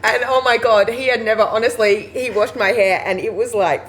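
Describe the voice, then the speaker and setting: A woman's voice: a little high, normal speed, fairly bright tone, poor audio. A woman in her forties, a wedding and funeral celebrant, telling stories in a chatty interview and laughing often. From Australia. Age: 40s. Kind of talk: casual interview chat.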